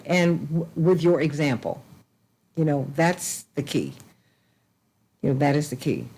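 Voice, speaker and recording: A woman's voice: sits low, a little slow, pauses often, warm tone, breathy edge, poor audio. Effusive female talk show host. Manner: effusive, repeats blessings and affection.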